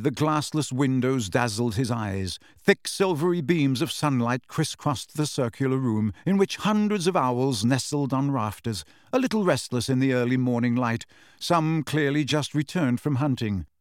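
In a steady, measured manner, a man reads an audiobook at a mid-range pitch. The recording sounds dry and close, free of any room echo.

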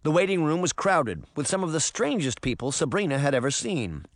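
Expressive male audiobook narrator. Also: on the high side, fairly quick, no echo, clean studio sound. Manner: expressive storytelling.

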